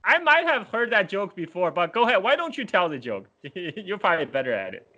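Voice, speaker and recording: A man hosts a podcast in relaxed conversation with his guest. His voice is bright and sits somewhat high for a man. He talks in a chatty way and laughs easily between phrases. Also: brisk, highs cut off, slight background noise. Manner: chatty, laughs often while talking. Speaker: podcast host. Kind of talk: casual conversation.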